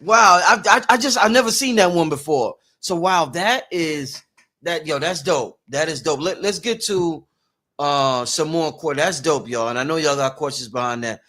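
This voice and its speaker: A man hosting a casual livestream interview, animated and exclaiming, reading out viewer questions. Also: a little high, moderate pace. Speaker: livestream host.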